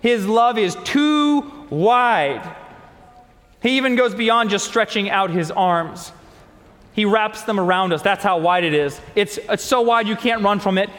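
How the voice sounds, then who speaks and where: A male pastor preaches a sermon, stacking phrase on phrase with emphatic repetition. His voice sits high for a man, and it carries through a long church-hall reverb. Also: a bit bright. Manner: emphatic, repetitive build-ups. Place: church sanctuary.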